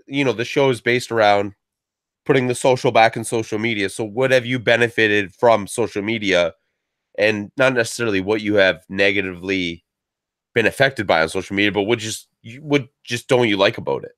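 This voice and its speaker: A man's voice: on the low side, a little fast, fairly bright tone, no echo, studio quality. A man hosting a podcast, talking in a rambling, slangy way with some swearing. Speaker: podcast host. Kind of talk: casual chat.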